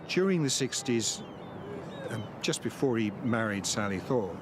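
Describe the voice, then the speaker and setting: A man giving measured biographical commentary in a documentary. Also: medium pitch, lively intonation, music in the background. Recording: loud background ambience.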